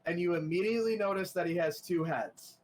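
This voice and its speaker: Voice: mid-range voice, brisk, noisy background. Rambling game master narrating a scene. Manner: rambling, full of fillers and laughs.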